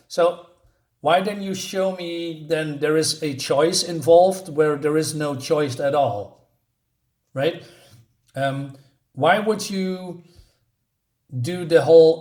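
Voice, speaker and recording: A man's voice: on the high side, takes it slowly, long pauses. A man reviewing a comic book in a scornful, exasperated rant, often stumbling into restarts.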